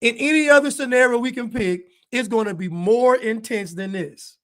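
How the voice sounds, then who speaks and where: A man's voice: very high-pitched, moderate pace, hardly any pauses, a bit bright. A man giving video commentary, hammering points with repeated rhetorical questions. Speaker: online commentator.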